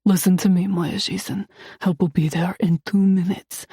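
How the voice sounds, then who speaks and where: A woman voicing a protective man with a slight Russian accent, speaking low and steady to reassure someone over the phone. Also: moderate pace, husky, no echo, studio quality. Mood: soothing.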